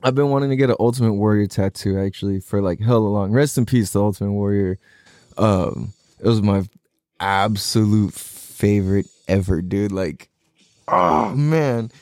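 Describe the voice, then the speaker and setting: A young man in a casual, profane, excitable monologue full of slang. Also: on the low side, normal speed, no room sound.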